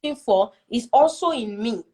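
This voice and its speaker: A woman's voice: a little high, animated, normal speed, darkish tone. A woman telling a personal story as a guest in a casual conversation, earnest and reflective, often checking that the listener follows. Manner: keeps checking in with "do you see?".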